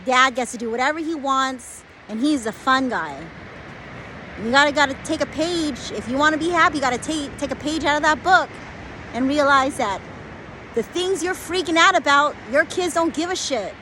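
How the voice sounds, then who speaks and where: A woman's voice: sits high, normal speed, pushed and bright, a little hiss or hum, poor audio. A woman in her forties, an acupuncturist, giving blunt, emphatic advice through a conversational story.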